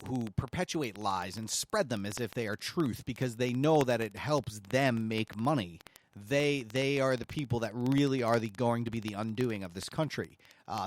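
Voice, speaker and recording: A man's voice: medium pitch, slight background noise. Sarcastic ranting male host. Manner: sarcastic, swears freely. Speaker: podcast host. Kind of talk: profane comedic rant.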